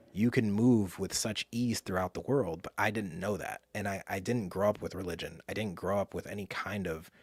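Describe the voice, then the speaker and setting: A man telling a personal story in an animated way, dropping to a hush and jumping up loud when he acts out what others said. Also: low-pitched, husky, no room sound, studio quality. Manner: animated, jumps from hushed to loud mimicry. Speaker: speaker and author.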